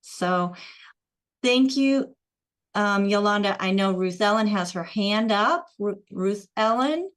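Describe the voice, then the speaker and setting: A woman's voice: mid-range voice, animated, slow pace. A woman hosting a live show, upbeat as she reads out viewer comments and takes callers. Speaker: host.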